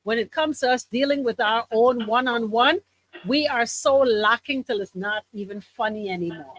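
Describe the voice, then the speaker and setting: A woman hosting a radio talk show, talking in a lively, folksy way and cheering her guest on. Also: on the high side, moderate pace. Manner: lively, affirming, folksy slang. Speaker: radio host.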